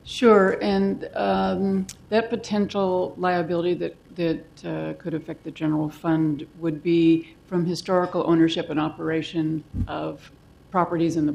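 A lawyer from the city attorney's office briefing a council meeting with careful, measured explanation. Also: mid-range voice, vocal fry, a little mellow, slight background noise, rough recording.

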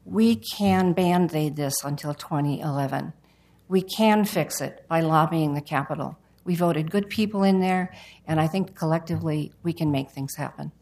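A woman's voice: low-pitched, normal speed, darkish tone, poor audio. A woman giving earnest public testimony at a city council hearing, speaking in short, direct statements.

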